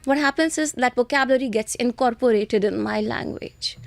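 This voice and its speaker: A woman's voice: a little high, a little fast, gravelly, no room sound. A woman with an Indian accent, an English-exam trainer speaking as an interview guest, giving earnest advice with emphatic repetition.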